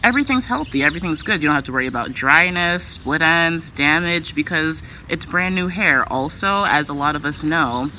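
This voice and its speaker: A woman's voice: sits low, moderate pace, few pauses, pushed and bright, a little hiss or hum. A woman vlogger talking in a casual, loose way, full of filler words. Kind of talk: casual vlog chat.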